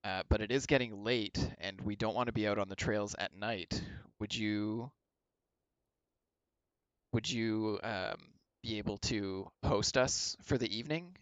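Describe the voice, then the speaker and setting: A courteous adventurer asking a stranger for shelter, played by a man in his own voice. The low, smooth voice is recorded dry, and he hesitates often. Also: a little slow, a bit bright, no echo, muffled recording. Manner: hesitant, with many fillers. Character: polite young male adventurer speaking to a stranger.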